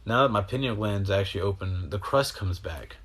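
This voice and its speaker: A man with a somewhat low voice talks in a casual, meandering monologue. He drifts from thought to thought, swearing freely and speaking with open emotion. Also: expressive, fairly quick, a bit bright, husky. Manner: meandering, profane, emotional stream of consciousness. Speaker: host. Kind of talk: rambling spiritual monologue.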